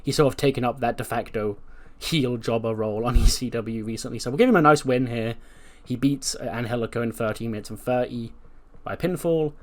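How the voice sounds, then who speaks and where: A man's voice: mid-range voice, brisk, hardly any pauses. A man hosting a casual let's-play commentary in a laid-back way, swearing now and then. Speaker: gaming video host.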